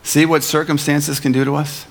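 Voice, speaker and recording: A male pastor giving a sermon, earnest and emphatic, slowing down on key phrases and slipping in playful asides. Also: on the high side, flat delivery, long reverb tail.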